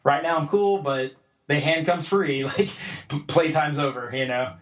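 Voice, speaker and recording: A man's voice: on the high side, normal speed. A man guest on a podcast telling a story casually, acting out other people's lines in a raised voice. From United States. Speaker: podcast guest, jiu-jitsu black belt. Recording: roomy, slightly dull podcast audio.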